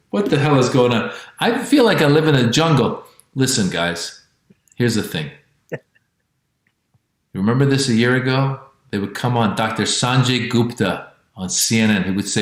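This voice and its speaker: A man in his forties from Iran doing an animated, profane stand-up routine on a livestream, talking directly to his audience. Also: medium pitch, moderate pace. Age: 40s. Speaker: stand-up comedian. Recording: very echoey space.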